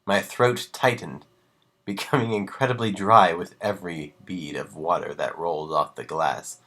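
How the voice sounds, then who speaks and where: A man reading horror stories aloud on a live stream, breaking off for casual asides and dropping to a hushed voice on the ominous lines. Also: sits low, moderate pace.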